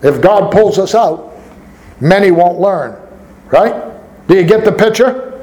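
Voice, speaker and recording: High-voiced preaching man. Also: lively intonation, a little slow, darkish tone, poor audio. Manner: preaching with rhetorical questions and scripture reading. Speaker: pastor. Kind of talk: sermon.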